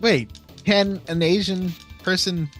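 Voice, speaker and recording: A man's voice: sits high, fairly even intonation, takes it slowly, fairly bright tone, faint music behind. A man from Canada co-hosting a casual gameplay chat, chatty and teasing, telling stories. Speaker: co-host.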